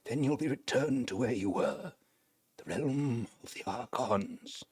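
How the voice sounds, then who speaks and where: A man's voice: mid-range voice, expressive, unhurried, darkish tone, breathy edge, voice pushed up. A man voicing a solemn, commanding otherworldly spirit from a video game.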